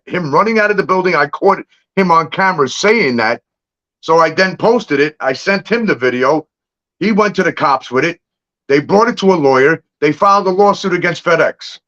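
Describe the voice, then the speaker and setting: A man's voice: sits high, highs cut off. A man telling street stories in casual livestream chat, swearing freely and laughing between lines. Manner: profane, animated storytelling with laughs. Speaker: livestream guest.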